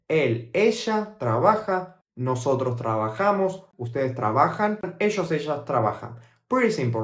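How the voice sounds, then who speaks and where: A young man from Argentina with an Argentine accent, a native Spanish speaker teaching a language lesson in English. He slows right down to model each Spanish word and repeats it twice. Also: a little high. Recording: roomy echo.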